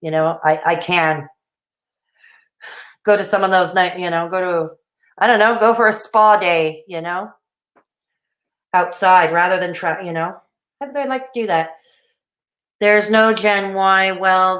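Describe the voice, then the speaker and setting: A woman's voice: fairly low pitch, steady tone, a little slow, long pauses, fairly bright tone. A woman in her thirties from Canada hosting a rambling, casual late-night livestream, reading out and answering the live chat. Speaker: livestream host. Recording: echoey room.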